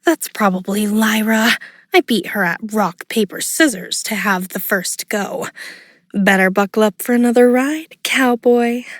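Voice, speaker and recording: Man doing a high teasing warrior woman. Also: measured pace, fairly bright tone, no room sound, studio quality. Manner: teasing, playful. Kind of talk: audiobook character voice.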